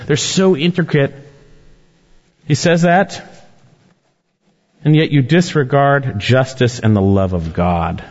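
A pastor preaching a sermon with emphatic rises and falls, slowing down on key words. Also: male voice, a little mellow. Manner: emphatic preaching, swelling and dropping in pitch and volume. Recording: long reverb, dull lo-fi sound.

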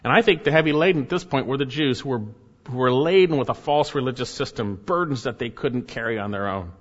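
A man's voice: mid-range voice, quick pace. A man preaching an expository sermon, earnest and emphatic, pressing his points with rising and falling intensity. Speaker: pastor. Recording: muffled, with long hall reverb.

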